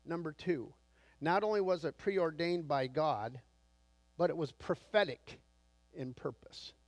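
A man's voice: a little high, unhurried, dry recording. A man preaching a sermon as pastor, telling a long story with quoted dialogue before laying out numbered points.

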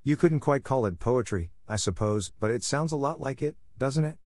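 A talkative, imaginative orphan girl chatters eagerly, as a man reads her part. The reading lifts only a little in pitch and stays close and dry. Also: animated, normal speed, darkish tone, dry recording, natural voice.

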